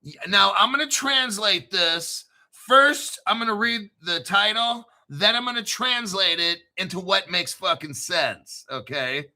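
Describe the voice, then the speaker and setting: A man hosting his own crypto show, talking in a hyped, profane rush and clearing his throat often. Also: high-pitched, unhurried, pushed and bright. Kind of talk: excitable solo commentary stream.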